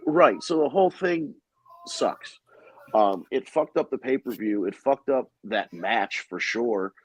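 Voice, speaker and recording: A man's voice: medium pitch, animated, unhurried, husky, no room sound, low-quality recording. A man hosting a podcast, talking in a casual, rambling and profane way with strong opinions. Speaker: podcast host. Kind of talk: casual chat.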